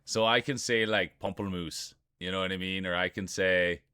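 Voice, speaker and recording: A man's voice: low-pitched, fairly even intonation, fairly quick, pushed and bright, smooth, no room sound. A man streaming live, chatting casually and rambling while greeting viewers by name.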